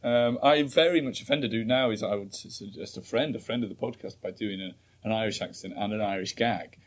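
A man's voice: fairly low pitch, a little fast. A man co-hosting a podcast, joking and rambling through casual political chat. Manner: jokey, rambling, full of restarts. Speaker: podcast co-host.

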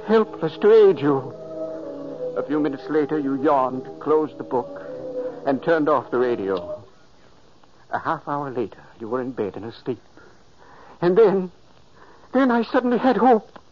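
An actor playing an elderly man's ghost who narrates solemnly and pleads urgently, in a 1940s radio drama. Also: fairly high pitch. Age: older. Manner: solemn, pleading, softly commanding. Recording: dull lo-fi 1940s radio recording.

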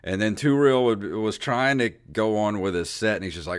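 A man's voice: fairly low pitch, normal speed, smooth. A man co-hosting a podcast, telling a long anecdote in casual chat and acting out the people in it. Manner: animated, acts out voices in anecdotes. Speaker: podcast co-host. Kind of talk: casual storytelling.

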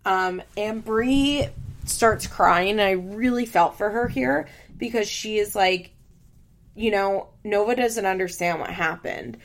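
A woman's voice: mid-range voice, slow pace, a little hiss or hum. A woman giving a frank, casual recap of a reality TV show, opinionated and swearing freely.

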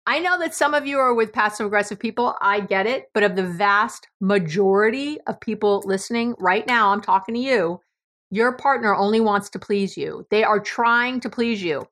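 A woman's voice: medium pitch, normal speed, a bit bright. A middle-aged woman from New York with a New York accent, hosting a podcast in a blunt, emphatic monologue and swearing freely. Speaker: podcast host.

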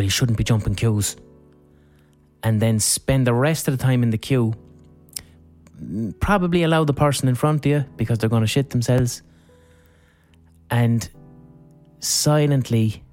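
Lower-voiced man, frank podcast talk. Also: a little mellow. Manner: frank, profane, conversational. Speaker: podcast host. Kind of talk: reflective solo talk.

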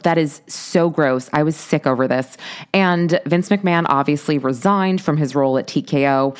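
Low-voiced woman hosting a podcast, chatty and opinionated, lots of asides. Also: a little mellow. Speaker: podcast host. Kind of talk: casual solo commentary.

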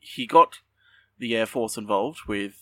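Podcast co-host, man, low bright voice, filler-heavy rambling, a bit off-mic. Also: measured pace, dry recording, distant mic. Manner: rambling, many fillers and restarts. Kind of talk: casual chat.

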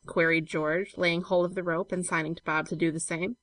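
A woman reading a classic story aloud in a measured, steady way. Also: fairly low pitch, no echo. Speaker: narrator.

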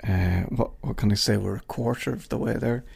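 Irish guy doing his podcast outro, low gravelly voice, bit husky, swears a lot and rambles. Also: a little fast, a little mellow. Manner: rambling, swearing, jokey asides to an imagined colleague. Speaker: podcast host. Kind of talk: casual solo podcast outro.

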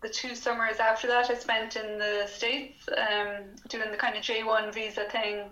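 A woman in her thirties from Ireland with an Irish accent, a podcast guest telling her story in an easygoing, relaxed way. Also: on the high side, normal speed. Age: 30s. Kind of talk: casual conversation. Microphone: video call. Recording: dull, echoey video call audio.

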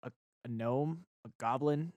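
A player at a tabletop game talks in a chatty, rambling way, piling up questions. The voice is mid-pitched and recorded dry and close. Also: unhurried, darkish tone, no echo, dull audio. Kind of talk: casual tabletop play.

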